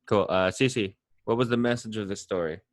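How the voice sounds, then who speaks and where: A man leading a casual book club chat, laid-back and a bit halting. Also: fairly low pitch, slight background noise.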